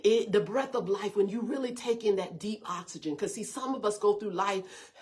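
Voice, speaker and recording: Woman pastor, middle-aged, husky breathy tone, lively devotional preaching to an online flock. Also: mid-range voice, moderate pace. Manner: energetic, repeats words as she restarts, talks straight to viewers. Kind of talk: livestreamed devotional sermon.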